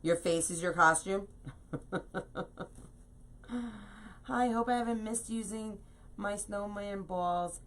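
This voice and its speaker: Bright, chatty woman craft host. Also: medium pitch, a little slow, long pauses. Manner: chatty and animated, laughs at herself. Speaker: craft host teaching wreath making. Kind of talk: live craft tutorial, reading viewer comments.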